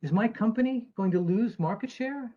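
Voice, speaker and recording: A man's voice: high voice, moderate pace, phone-quality sound. An American man, an actuary, giving a presentation to investors in an earnest, emphatic way with dry asides. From United States.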